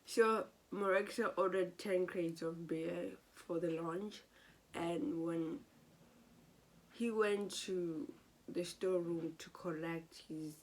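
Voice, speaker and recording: A woman giving a casual, animated and exasperated recap of a soap opera episode. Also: lowish voice, takes it slowly.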